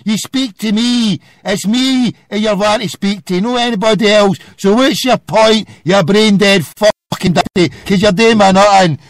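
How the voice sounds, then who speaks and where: A man's voice: high voice, normal speed, hardly any pauses, no room sound, studio quality. A Scottish man hosting a call-in show, ranting and hurling insults at a caller. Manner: abusive, ranting, hurls insults. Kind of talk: phone-in radio rant.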